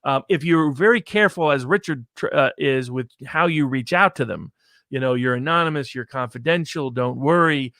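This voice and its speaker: A man in a casual podcast discussion, explaining polling quickly with frequent restarts. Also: mid-range voice, fairly bright tone, dry recording, studio quality. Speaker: pollster guest.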